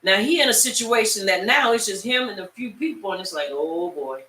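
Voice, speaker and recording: Woman Bible-class teacher, animated storyteller, bright tone, distant echoey room mic. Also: medium pitch, brisk. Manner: lively storyteller, talks straight to the class.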